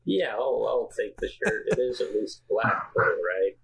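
Low gravelly-voiced man joking around. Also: big pitch swings, measured pace, fairly bright tone, poor audio. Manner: joking, wry. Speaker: player. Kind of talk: casual tabletop game chat.

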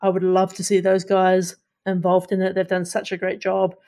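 A woman's voice: lowish voice, completely flat delivery, normal speed, mellow. A woman co-hosting a podcast, sharing film news in a casual, hesitant way with many restarts. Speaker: podcast co-host. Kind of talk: casual pop-culture news chat.

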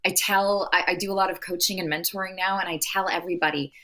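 Woman, low voice, bright tone, rambling long answers, casual interview talk. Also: fairly even intonation, fast talker. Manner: long-winded, rambling with restarts. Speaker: actress.

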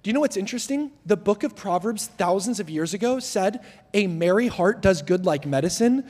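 A young man preaching as a guest speaker, telling jokes and stories in a lively, self-deprecating way. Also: high-pitched, a little fast. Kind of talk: sermon. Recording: long hall reverb.

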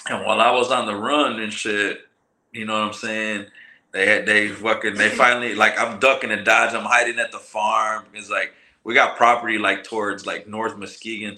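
A man from telling a long story in casual, profane slang, acting out the people he quotes. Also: fairly low pitch. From Michigan, US. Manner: profane, slangy, animated retelling with quoted voices. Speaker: podcast guest, cannabis grower. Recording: roomy echo.

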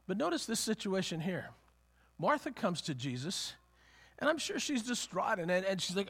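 A man's voice: high voice, very animated, moderate pace, creaky, fairly bright tone, husky. A man preaching a sermon in a conversational way, often restarting phrases and acting out the words of the people in his story. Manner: conversational, repeats and restarts, acts out quotes.

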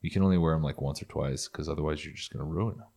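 A man's voice: a bass voice, racing, gravelly, darkish tone. A young man co-hosting a podcast, joking and swearing in casual banter, full of "like". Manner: joking, swears a lot, says "like" often. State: hungover. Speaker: podcast co-host.

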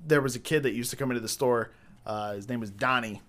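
A man's voice: medium pitch, fast, fairly bright tone. Swearing man telling rowdy stories. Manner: profane, rambling anecdotes with restarts. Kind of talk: casual storytelling.

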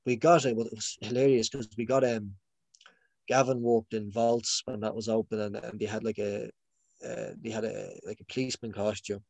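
A man's voice: lowish voice, little pitch movement, moderate pace, vocal fry, darkish tone, no echo. A young man chatting casually, rambling with lots of restarts and laughs. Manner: rambling, many restarts and fillers; laughs often. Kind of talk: casual chat.

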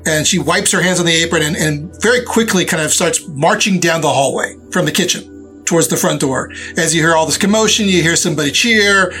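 A man's voice: a little high, brisk, bright, forceful tone, soft background music. A man running a tabletop game as game master, narrating in a rambling way with many restarts.

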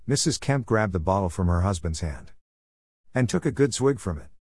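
A man reading a story aloud in a steady, wry narrating manner. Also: fairly low pitch, normal speed, husky, no room sound, clean studio sound.

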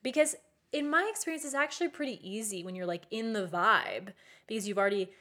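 A woman's voice: medium pitch, lively intonation, fast talker, pushed and bright. A young woman casually teaching modern witchcraft in a chatty, candid way, with frequent fillers and the odd swear word.

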